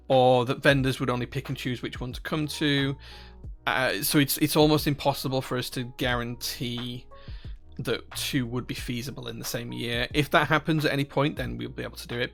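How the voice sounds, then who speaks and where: Gravelly Northern Irish man chatting on stream. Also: mid-range voice, a bit bright. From Northern Ireland. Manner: rambling, many restarts and fillers. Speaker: livestream host. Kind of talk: casual live-stream chat, reading chat questions.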